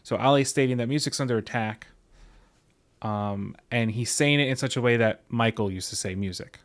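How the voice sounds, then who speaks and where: A man's voice: medium pitch, fairly quick. A man hosting a podcast book club, casually paraphrasing a story from memory. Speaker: podcast host.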